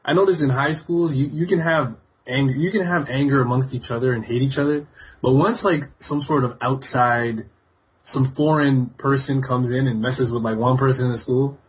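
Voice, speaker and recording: A man's voice: medium pitch, steady tone, normal speed, breathy edge. A man on a podcast, chiming in with dry quips during casual banter. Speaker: podcast co-host. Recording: dull lo-fi podcast audio.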